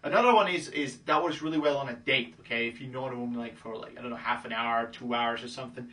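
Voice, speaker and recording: Breezy bright-voiced man coaching dating. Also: mid-range voice, fast talker, distant mic. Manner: breezy, acts out pickup lines in quoted voices, says "okay?" a lot. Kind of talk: casual instructional talk.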